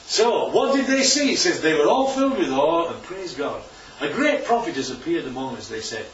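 A man's voice: fairly high pitch, sing-song, moderate pace. A man preaching informally to a congregation, often asking "right?" and "isn't that lovely?". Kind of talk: informal church talk with slides. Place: church hall. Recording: roomy, distant and dull church recording.

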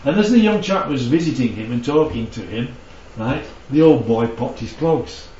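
A man's voice: medium pitch, animated, normal speed, mellow, a little hiss or hum. A man preaching a conversational Bible teaching, often checking in with his listeners. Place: church hall. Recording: dull, echoey hall from far off.

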